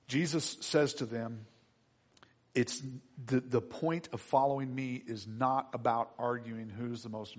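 A man preaching a sermon in an animated manner, teasing and humorous with the congregation. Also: mid-range voice.

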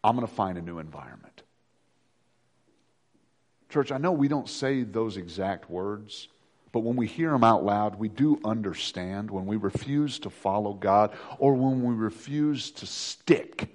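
A man preaching a sermon as pastor, swinging from hushed, low intensity to loud, animated delivery. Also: a little slow.

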